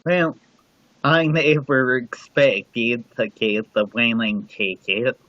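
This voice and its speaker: A man's voice: medium pitch, fairly even intonation, slow pace, fairly bright tone, dry recording. A man joining a casual livestream chat as a guest from home, easygoing and laid-back. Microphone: computer mic on a livestream. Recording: dull, dry lo-fi stream audio.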